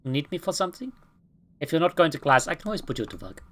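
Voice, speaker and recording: A brisk, hardworking farmer mother speaks in a game, as a woman voices her. The accent is put on badly on purpose. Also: sits low, very animated.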